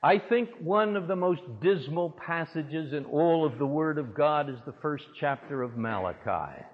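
Dramatic preacher with a husky voice. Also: male voice, on the high side. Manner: dramatic, with rhetorical questions and big swings in loudness. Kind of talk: sermon. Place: large church hall. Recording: dull, echoey church recording.

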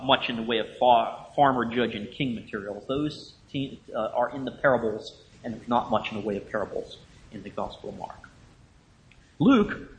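Male lecturer, middle pitch, thinks aloud with restarts, faint low hum on the recording. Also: poor audio. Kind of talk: academic lecture.

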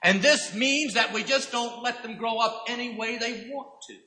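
A man preaching a sermon, emphatic and repeating key phrases, now and then acting out quoted voices with loud outbursts. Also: very high-pitched, normal speed, low-quality recording.

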